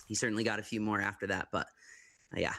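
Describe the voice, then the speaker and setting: Low-voiced hesitant American football pundit. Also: male voice, steady tone, fast talker, creaky, pushed and bright, no echo. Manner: hesitant, many fillers and restarts. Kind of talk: live football commentary chat.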